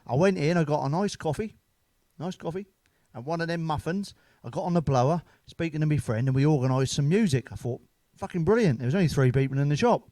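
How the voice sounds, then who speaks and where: Brief: middle-aged bloke, sweary stand-up storyteller, slightly high voice, dry close sound. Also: male voice, quick pace, mellow, dry recording. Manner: sweary, blunt, laughing at his own jokes. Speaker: stand-up comedian.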